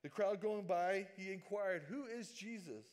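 A man preaching a sermon, swinging between loud dramatic calls and quiet, hushed asides. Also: high-pitched, unhurried.

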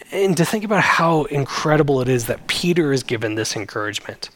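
A man's voice: medium pitch, fairly quick, hardly any pauses, fairly bright tone. A man, a pastor, preaching a sermon in an earnest, conversational way.

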